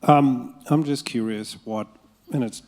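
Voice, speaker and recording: A man's voice: mid-range voice, measured pace, a little mellow. A man in the audience of a public talk, asking a long, winding question.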